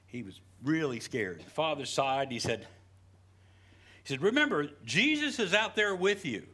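A middle-aged pastor from West Virginia, preaching a sermon in a folksy, joking storytelling way with frequent "you know". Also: male voice, medium pitch, animated, normal speed, sharp tone.

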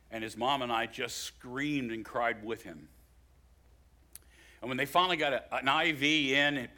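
Older man, West Virginian accent, pastor's sermon, bright forceful tone, hushed to loud. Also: mid-range voice. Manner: swings from hushed storytelling to loud preaching.

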